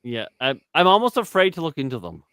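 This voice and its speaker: A man's voice: fairly high pitch, wildly swooping pitch, quick pace, fairly bright tone, clear, resonant tone, no room sound. A man, hosting a podcast and telling long, rambling, profane stories in casual chat. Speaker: podcast co-host.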